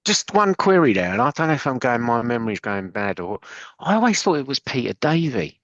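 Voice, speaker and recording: A man's voice: medium pitch, sing-song, brisk, a bit bright, no room sound, dull audio. A man from Britain, a podcast co-host, chatting casually in a thoughtful, hesitant way. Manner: thoughtful, hesitant, apologetic about tangents. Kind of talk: casual chat.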